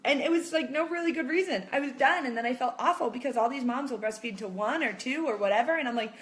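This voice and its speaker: A woman in her thirties chatting casually to camera as a mom vlogger, reassuring viewers and acting out quotes in animated voices. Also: sits high, quick pace.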